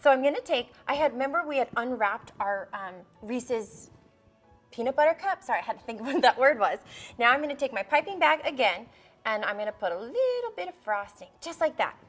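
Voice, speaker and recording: A woman's voice: fairly high pitch, very animated, fairly quick, fairly bright tone, soft background music. A young woman hosting a live baking show for kids, bubbly and coaxing as she talks straight to the children at home. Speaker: host of a kids' baking show. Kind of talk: live cooking demonstration for kids.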